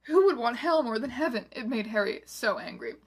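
A young woman hosting, reading a story aloud in a dramatic comic way, with wry and animated asides. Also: on the high side, a little fast, slightly rough. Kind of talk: comedic dramatic reading with commentary.

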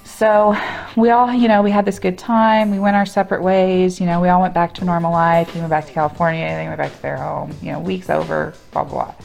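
A woman's voice: fairly low pitch, brisk, gravelly, faint music behind. A woman podcast co-host casually telling a funny story, acting out what each person said and breaking into laughter. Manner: animated storyteller acting out quoted people, laughing often.

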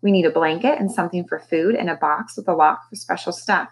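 A woman voicing a spunky, excitable young girl from a storybook, with loud, breathless exclamations. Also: lowish voice, a little fast, breathy edge, rough recording. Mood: eager.

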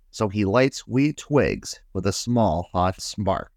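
A man hosting a podcast, reading a children's storybook aloud in an expressive, unhurried way. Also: fairly low pitch, vocal fry, no echo, studio quality.

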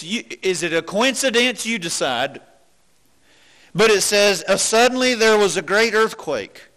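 A man preaching a sermon. His voice sits a little high and sounds bright and forceful. He is earnest and questioning, restarts often, and drops low when he acts out doubtful thoughts.

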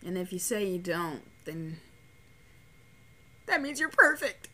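Young woman co-host, animated and profane, crisp bright tone. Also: lowish voice, slow. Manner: animated storytelling, swears freely. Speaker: podcast co-host. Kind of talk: casual chat.

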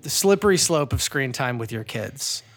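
A man co-hosting a podcast, talking in a casual, animated and self-deprecating way. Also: mid-range voice, moderate pace, noisy background. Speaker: podcast co-host. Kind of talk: casual chat.

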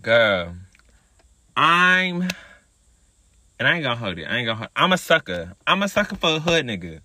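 Sassy profane man with a bright voice. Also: medium pitch, sing-song, moderate pace, a little hiss or hum. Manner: sassy, profane, chatty, calls listeners girl. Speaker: podcast host. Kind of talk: casual storytelling monologue.

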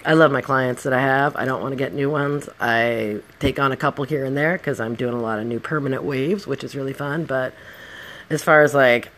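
Middle-aged podcast host, casual storyteller, blunt and swears freely, mid-range pitch. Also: steady tone, fairly quick, a bit bright. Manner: blunt and profane, with heated outbursts.

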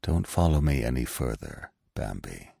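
Guy doing an old wise stag, super low and quiet, slow and grave. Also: very animated, vocal fry, breathy edge, dry recording, studio quality, exaggerated voice. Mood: solemn. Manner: slow, hushed, solemn.

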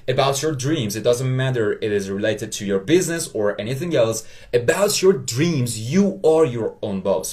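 A man with a Persian accent, a native Persian speaker, hosting a motivational solo podcast in English, earnest and halting, often checking in with "okay?". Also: mid-range voice, a little mellow. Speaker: podcast host.

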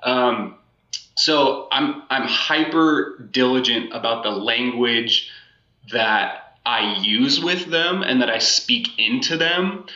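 A man's voice: mid-range voice, lively intonation, slow pace, pushed and bright, echoey room, lo-fi sound. A man talking earnestly and reflectively as a podcast guest, repeating phrases for emphasis. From United States. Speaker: podcast guest, life coach. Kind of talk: casual podcast conversation.

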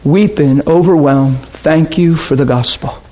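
A man preaching a sermon and telling stories, swinging from loud excitement to hushed, quiet asides. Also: fairly high pitch, a little slow. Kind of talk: sermon storytelling.

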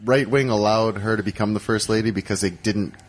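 A man's voice: on the low side, steady tone. A man in a casual chat, riffing and joking. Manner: joking, quick to riff.

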